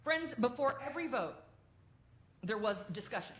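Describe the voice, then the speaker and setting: A woman minister giving an animated, heartfelt address to her congregation and quizzing them along the way. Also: a little high, moderate pace. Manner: animated, quizzes the congregation, grows tender and emotional. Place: church sanctuary. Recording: echoey sanctuary.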